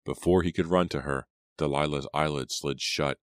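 A man narrating an audiobook in a dramatic reading style, acting out the characters' lines louder and slower. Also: very deep voice, fairly even intonation, no room sound, studio quality.

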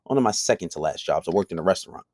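A man's voice: deep voice, animated, very fast, a little mellow. Blunt, profane man ranting. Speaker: podcaster. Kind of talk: monologue to camera.

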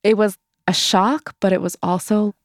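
A woman's voice: mid-range voice, fairly even intonation, normal speed, no echo, studio quality. A young adult woman telling her personal story as an interview guest, candid and conversational, full of fillers. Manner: conversational, many fillers, acts out quoted voices.

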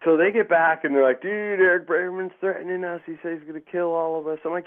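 Man guest, slightly high voice, swears constantly, rambles through anecdotes; phone-thin audio. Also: fairly even intonation, fast, few pauses. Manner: profane, rambling, jokey, acts out quotes. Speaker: podcast guest. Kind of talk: casual storytelling chat. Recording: tinny phone-like line.

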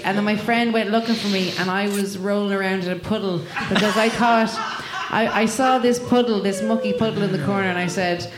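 A woman's voice: medium pitch, fairly even intonation, fairly quick, few pauses. An Irish woman telling a rambling, swearing comic story at a live show, laughing as she goes. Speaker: comedian guest. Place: live venue with audience. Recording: echoey room, noisy live recording.

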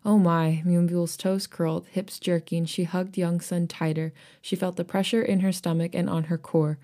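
A woman's voice: on the low side, flat delivery, moderate pace, warm tone. A woman co-hosting a podcast, reading a story aloud and chatting casually, with laughter breaking in between passages. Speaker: podcast co-host reading fan fiction aloud.

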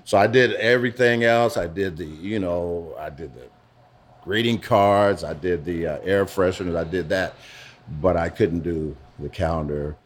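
A man in his fifties, interviewed in a pizza restaurant, telling his story haltingly and often restarting phrases. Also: low voice, a little hiss or hum. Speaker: interview guest.

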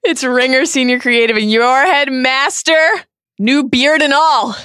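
A woman hosting a podcast, giving the intro in an upbeat, brisk announcing manner with casual banter. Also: high voice, fairly bright tone, clean tone. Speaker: podcast host.

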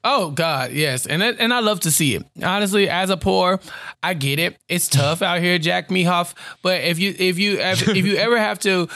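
A man co-hosting a podcast in casual recap chat, animated, often acting out characters' lines. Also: sits high, no echo. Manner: animated, acts out characters' lines in quick bursts. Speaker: podcast co-host.

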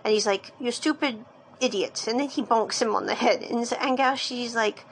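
A woman's voice: on the high side, normal speed, vocal fry, a little hiss or hum, rough recording. A woman casually recapping a drama episode, retelling the scenes in a chatty way with restarts along the way. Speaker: drama reviewer.

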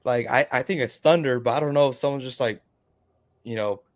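A man co-hosting a podcast in an animated, emphatic way, chatting and hyping his picks. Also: medium pitch, a little fast. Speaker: podcast co-host. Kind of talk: casual fantasy football chat.

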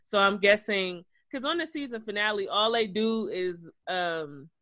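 A man co-hosting a podcast, recapping reality TV in an animated, gossipy way with plenty of cursing. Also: sits high, unhurried, dry recording, studio quality. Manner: animated, gossipy, profane storytelling. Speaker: podcast co-host. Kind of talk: casual reality-TV recap chat.

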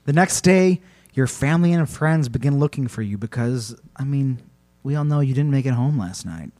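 A man's voice: medium pitch, expressive, dark tone. Guy telling a spooky story on a podcast, drags words out, keeps cracking up. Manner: playfully spooky, drawn-out narration, laughs often. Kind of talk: casual storytelling chat.

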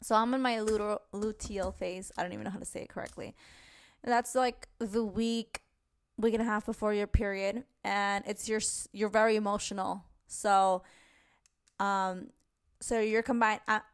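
A woman's voice: mid-range voice, fairly even intonation, moderate pace, clean tone. Chatty New woman, casual swearing. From New York. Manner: chatty, swearing, many fillers and restarts. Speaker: podcast host. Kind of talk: casual chat.

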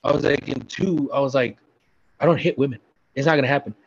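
A man's voice: mid-range voice, fast, husky. A man in casual chat telling a blunt, profane story from his army days. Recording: dull lo-fi sound.

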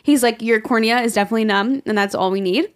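A woman's voice: fairly high pitch, fast talker. Young woman podcaster, storytelling, lots of voices for other ppl, laughs a lot. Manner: animated, acts out quoted people in raised voices, laughs often. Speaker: podcast co-host. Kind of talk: casual storytelling chat.

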